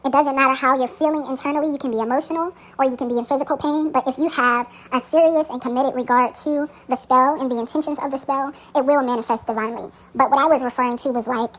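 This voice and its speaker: 高音的女性，轻松随意地讲解. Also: female voice, high voice, fast talker, hardly any pauses, poor audio. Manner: relaxed, frequent ums, occasional swearing. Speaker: spiritual practitioner teaching a spell. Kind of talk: casual spoken tutorial.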